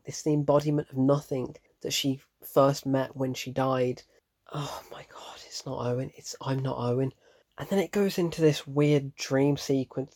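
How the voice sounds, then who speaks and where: A man giving a casual, animated spoken review of a horror film, openly frightened and often breaking off mid-thought. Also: on the high side.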